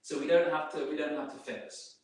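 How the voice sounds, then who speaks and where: A man with a slightly high voice talks a little fast while giving an informal workplace talk to a group. He rambles, full of fillers and restarts. The room is very echoey and he stands far from the mic.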